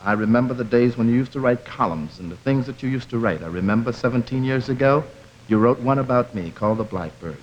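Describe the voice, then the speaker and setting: A man speaking as a guest on a theater stage. He tells a story in a formal, oratorical style, with measured, deliberate phrasing. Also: medium pitch, expressive, slight background noise. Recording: dull lo-fi 1950s television sound.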